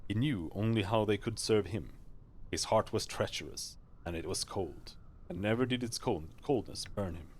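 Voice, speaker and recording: A man's voice: fairly low pitch, normal speed, a little hiss or hum, lightly acted. A man voicing a solemn tormented githzerai warrior. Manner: solemn, formal speech. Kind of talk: reading game dialogue aloud.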